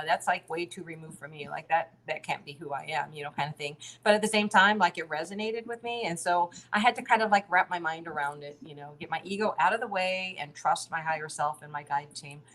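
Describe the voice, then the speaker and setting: A woman's voice: on the low side, a bit bright, poor audio. A woman chatting as a guest over a video call, talking in a loose, filler-heavy way and laughing often. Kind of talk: casual chat.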